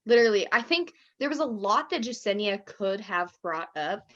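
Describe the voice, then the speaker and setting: A young woman co-hosting a podcast in casual chat, animated and often mimicking the people she quotes. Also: medium pitch, normal speed. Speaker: podcast co-host. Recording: dull lo-fi sound.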